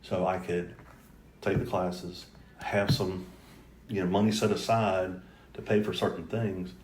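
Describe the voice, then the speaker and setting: Low gravelly guy rambling earnestly in a casual interview, bit of faint background hum. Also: little pitch movement, a little slow, darkish tone. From North Carolina. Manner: earnest, rambling, with frequent restarts. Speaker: mayoral candidate guest. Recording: roomy echoey room.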